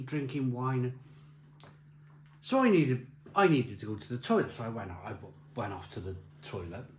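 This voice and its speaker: A man's voice: mid-range voice, a little hiss or hum. A man telling a rambling, laughing anecdote as a beer vlogger, with many restarts. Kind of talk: casual anecdote. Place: beer festival. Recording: roomy echo with faint ambience.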